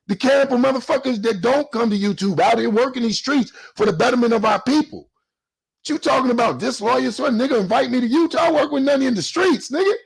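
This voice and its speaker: A man's voice: extremely high pitch, gravelly, husky. A man in his forties ranting in a response video, heated and profane, with a street-preacher cadence. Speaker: YouTube commentator.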